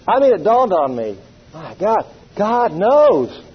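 Slow and high-voiced, a middle-aged preacher delivers a sermon full of animated stories, acted quotes and call-and-response with the congregation. A crowd is audible behind him on a dull, lo-fi recording.

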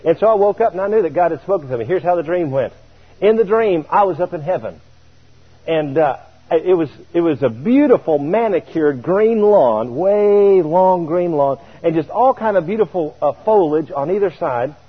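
A man preaching a sermon, telling a story in an animated way and chuckling now and then. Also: fairly high pitch, normal speed, slightly rough. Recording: tinny radio broadcast.

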